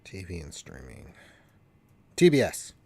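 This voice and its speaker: A man's voice: low voice, huge pitch swings, a little slow, a little mellow, husky. A congested man with allergies, hosting a casual gaming livestream and rambling with cursing asides. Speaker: livestream host.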